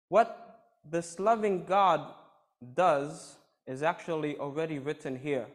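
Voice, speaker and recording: A man's voice: a little high, a little slow. A man preaching a sermon, reading scripture passages and then explaining them in his own words.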